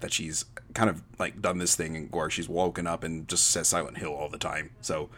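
A podcast host with a low-pitched voice talks fast and with lively ups and downs. He walks through a film scene by scene in a loose, joking chat. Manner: animated, joking recap of a film.

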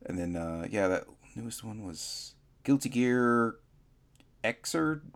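A man with a very low voice hosts a casual gaming podcast. He rambles loosely, trailing off and filling pauses with "uh" as he goes. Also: animated. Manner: laid-back, many fillers and trailing-off asides. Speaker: podcast host. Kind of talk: casual chat.

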